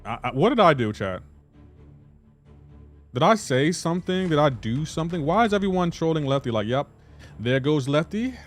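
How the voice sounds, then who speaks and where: A man's voice: fairly high pitch, big pitch swings, normal speed, pauses often, soft background music. A man streaming a game live, chatting casually and playfully indignant as he banters with his chat.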